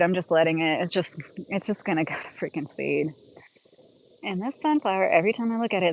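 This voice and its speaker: A woman chatting casually on a livestream as she walks through her home and garden, rambling with lots of "like" and quick laughs. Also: on the low side, rough recording.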